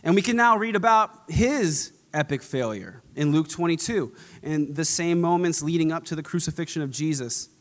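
A man's voice: a little high, lively intonation, moderate pace. A man preaching a sermon in a casual, conversational way, repeating phrases for dramatic emphasis. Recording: long hall reverb.

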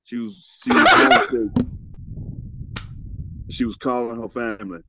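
A man's voice: medium pitch, huge pitch swings, measured pace, sharp tone. A man co-hosting a podcast, telling stories in a laid-back, emphatic way. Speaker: podcast co-host. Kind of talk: casual storytelling chat. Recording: dull dry mic.

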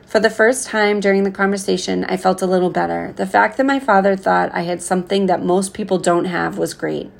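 A woman reading a novel aloud in an unhurried, earnest way. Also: medium pitch, steady tone, creaky. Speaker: reader.

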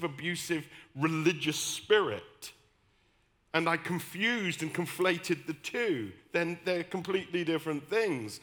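A middle-aged man from the West Country with a West Country accent, preaching a sermon with humorous, animated storytelling and emphatic repetition. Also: on the high side. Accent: West Country English. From West Country, England.

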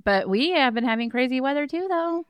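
A woman's voice: sits high, expressive, a little fast, smooth, no room sound, highs cut off. A woman co-hosting a podcast in casual chat, laughing often and swearing freely. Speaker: podcast co-host.

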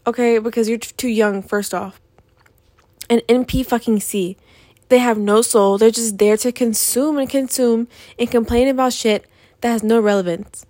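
A young woman hosts her podcast in a loose, swearing rant, exasperated and animated as she vents. Her voice sits a touch high. It is recorded close and dry, with no room sound. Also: dry recording. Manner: profane, animated, exasperated ranting. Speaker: podcast host. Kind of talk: ranting casual monologue.

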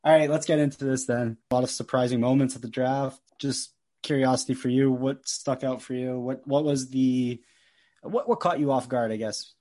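A man's voice: mid-range voice, steady tone, moderate pace, mellow. A man co-hosting a casual sports chat, telling stories with animation and laughing often. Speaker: podcast co-host.

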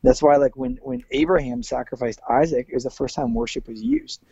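A man's voice: medium pitch, huge pitch swings, brisk, creaky, warm tone, husky, dry recording, muffled recording. A man who is a worship leader, speaking earnestly in a casual interview, with many fillers and restarts.

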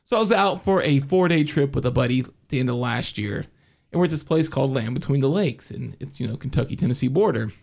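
Lively, profane man telling stories. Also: medium pitch, quick pace, creaky. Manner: animated, profane, laughs often. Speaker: podcast co-host. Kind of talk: casual storytelling chat.

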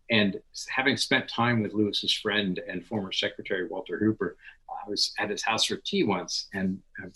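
A man who is a podcast guest and literature scholar, telling stories in an animated, knowledgeable way. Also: fairly low pitch, rough recording. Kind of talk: conversational interview.

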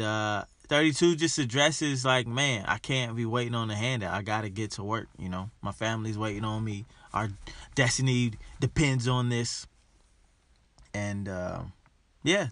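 A man's voice: mid-range voice, fairly bright tone, no echo. A man hosting a podcast alone, giving a motivational monologue and hammering home his points by repeating them. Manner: emphatic, repeats his rallying lines. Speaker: podcast host.

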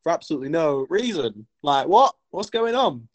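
Brawling male warrior, gruff, quick-tempered, raised pitch, man putting it on. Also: sing-song. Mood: shocked. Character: hot-headed brawling male warrior, young adult.

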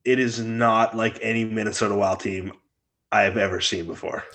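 A man with a fairly low voice hosts a casual sports podcast. He talks bluntly and gives strong opinions in an easygoing, conversational way. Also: fairly even intonation, moderate pace, fairly bright tone. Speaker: podcast host. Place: remote, out of town.

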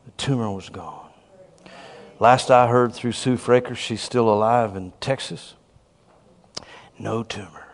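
A man preaching a sermon, telling a story and bursting into shouts of praise. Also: mid-range voice, a little slow, pauses often.

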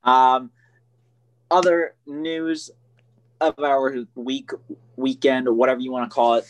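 A man's voice: medium pitch, little pitch movement, slow. A man co-hosting a casual sports podcast, rambling and joking with frequent laughs.

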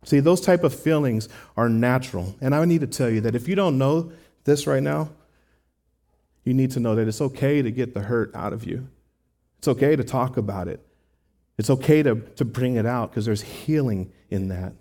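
A man's voice: medium pitch, normal speed, mellow. A man preaching a sermon in an earnest, conversational way, talking to the congregation with rhetorical asides. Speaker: pastor.

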